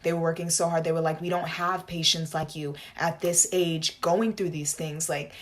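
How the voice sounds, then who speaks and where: Animated young woman telling a story. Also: normal speed. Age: young adult. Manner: animated, dramatic retelling with bursts of high acted quotes; frequent fillers like "like" and slangy asides. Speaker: vlogger. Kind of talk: casual storytime vlog.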